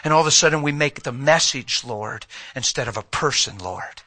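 A middle-aged man preaching a sermon, emphatic and direct, urging his listeners and swinging from loud passages to hushed ones. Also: medium pitch, normal speed.

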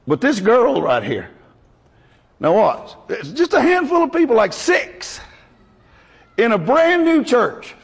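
A man's voice: extremely high pitch, big pitch swings, slow pace, gravelly, pauses often, slightly rough, big-room sound. A male pastor preaching a folksy, emotional sermon to his congregation.

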